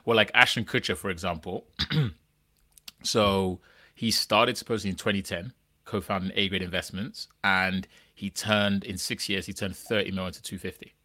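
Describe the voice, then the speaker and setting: A man's voice: deep voice, steady tone, normal speed, sharp tone, no room sound. A man hosting a podcast, talking in a rambling, questioning way with lots of restarts and "right?" tags. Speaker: podcast host. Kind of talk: casual chat.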